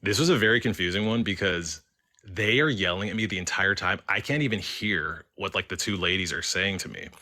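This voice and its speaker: Bright-voiced man telling a true story. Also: low-pitched, brisk. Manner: animated, acts out quoted voices. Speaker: caller sharing a story. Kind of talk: casual storytelling on a live stream.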